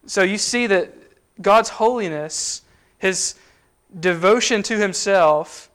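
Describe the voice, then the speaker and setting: High-voiced man preaching casually. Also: takes it slowly, fairly bright tone. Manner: conversational, with frequent fillers and restarts. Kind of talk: sermon teaching.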